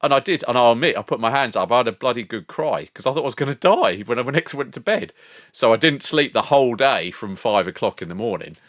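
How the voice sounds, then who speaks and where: A man's voice: medium pitch, lively intonation, fast, a bit bright, no room sound, studio quality. An older man streaming from home, chatting casually with his viewers, rambling, swearing and laughing often. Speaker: live streamer. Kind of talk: casual chat with live chat.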